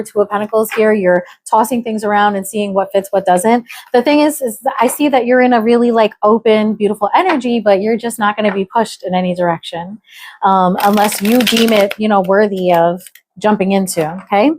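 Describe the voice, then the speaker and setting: A woman's voice: mid-range voice, darkish tone, a little hiss or hum. An American woman doing a casual, chatty tarot reading, musing aloud with fillers. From United States. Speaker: tarot reader.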